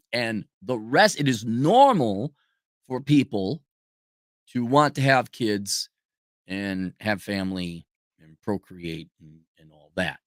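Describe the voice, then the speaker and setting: A man's voice: medium pitch, fairly bright tone, no room sound, studio quality. A middle-aged man hosting a personal monologue, blunt and profane, ranting animatedly and breaking into mocking impressions. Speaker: show host.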